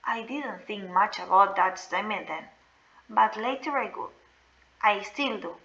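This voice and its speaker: A woman reads a novel aloud at an unhurried, careful pace, her voice bright and clear. The recording sounds slightly muffled. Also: medium pitch. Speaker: reader.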